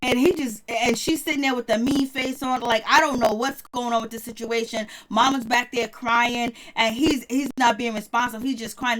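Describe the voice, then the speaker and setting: A chatty woman with a fairly high voice gossips through a reality show recap. She talks straight to her viewers, greets them by name, and laughs often. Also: a bit bright, a little hiss or hum. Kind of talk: casual chat.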